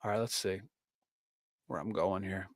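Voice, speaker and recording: A man's voice: low-pitched, a little slow, no echo. Man, casual live-stream host, rambling, fillers and restarts, dry close sound. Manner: rambling, many fillers and restarts, reads chat aloud. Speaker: fantasy football livestream host.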